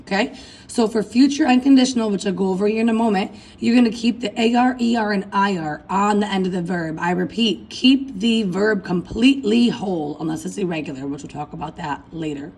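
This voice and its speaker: A woman's voice: medium pitch, a little fast, a little mellow, husky, poor audio. A woman teaching a recorded class lesson, chanting verb endings aloud and addressing her students as folks. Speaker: Spanish teacher.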